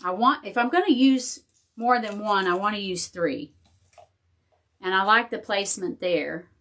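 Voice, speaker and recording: A woman's voice: medium pitch, measured pace, fairly bright tone. Chatty woman crafting live. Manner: chatty, thinking aloud while working, talks to viewers and her dog. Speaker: crafting tutorial host. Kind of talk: casual live crafting tutorial.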